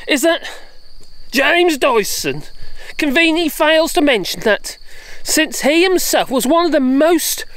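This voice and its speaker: A woman's voice: high-pitched, lively intonation, measured pace, fairly bright tone, dry recording. A woman vlogging outdoors while walking her dogs, ranting in an exasperated, sarcastic, chatty way. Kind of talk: ranting political vlog.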